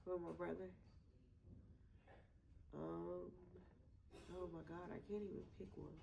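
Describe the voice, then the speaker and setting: A woman being interviewed about her twin brother, talking in a loose, chatty way with lots of laughter, and going soft and quiet when she says she misses him. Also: low-pitched, gravelly, a little hiss or hum, rough recording. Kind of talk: casual interview.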